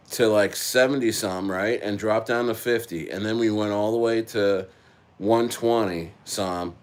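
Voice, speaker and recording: A man hosting a casual crypto livestream, rambling with many halting restarts as he answers his chat. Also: medium pitch. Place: living in Chile.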